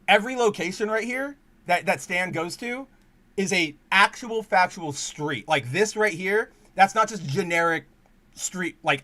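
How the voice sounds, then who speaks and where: A young man hosting a casual podcast, telling a rambling, excitable story full of restarts and swearing. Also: high voice. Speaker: podcast host.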